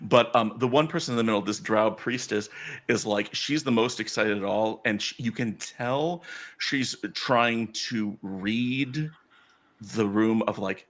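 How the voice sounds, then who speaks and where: A man's voice: lowish voice, unhurried. A man running a tabletop game as game master, narrating loosely with lots of "like" and restarts.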